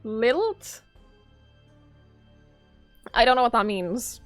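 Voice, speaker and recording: A woman's voice: fairly high pitch, sing-song, fairly bright tone. Chatty Norwegian woman livestreaming. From southern Norway. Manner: chatty, rambling, quick to laugh. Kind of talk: casual chat with viewers. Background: faint background music.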